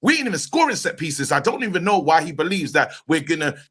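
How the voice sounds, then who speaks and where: Indignant man, high lively voice. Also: fast talker, slightly rough. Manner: passionate, indignant ranting. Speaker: football pundit on a fan panel. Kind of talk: heated casual debate.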